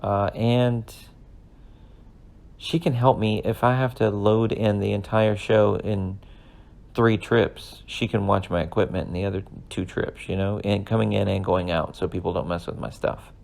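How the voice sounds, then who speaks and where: A man's voice: lowish voice, fairly even intonation, moderate pace, vocal fry, darkish tone. A man in his thirties, a podcast host, telling an earnest, rambling personal story in a casual way. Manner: rambling, earnest, emotional at times.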